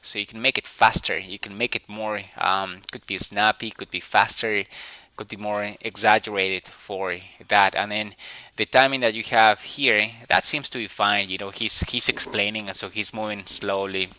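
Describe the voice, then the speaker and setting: A man giving an animation critique, thinking aloud as he draws and pausing often on fillers. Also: on the low side, steady tone, pushed and bright, no room sound, poor audio. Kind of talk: portfolio critique while drawing.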